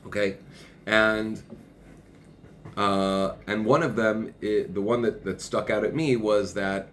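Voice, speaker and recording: A low-voiced man explaining religious texts to a listener, working through each point step by step. He reads passages aloud as he goes. A faint hiss sits behind his voice. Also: steady tone, takes it slowly, a bit bright. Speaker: Torah teacher.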